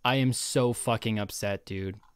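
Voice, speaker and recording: A man's voice: on the low side, fairly even intonation, unhurried, clear, resonant tone, no echo. A man giving casual, sweary gameplay commentary and scolding himself for mistakes. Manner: self-scolding, swearing, jumpy. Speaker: guest gamer.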